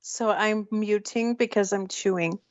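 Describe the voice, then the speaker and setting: A woman with a mid-range voice joins a livestream call, offering quick encouraging affirmations. The call audio is dull and lo-fi, with no room echo. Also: medium pitch, steady tone. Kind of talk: casual chat on a livestream call.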